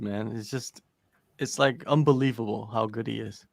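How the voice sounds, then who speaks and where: A man's voice: fairly low pitch, steady tone, normal speed, gravelly, dry recording. A man co-hosting a casual live fight watch-along chat, joking and laughing often. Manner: joking, laughs often, slips into silly accents. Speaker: podcast co-host.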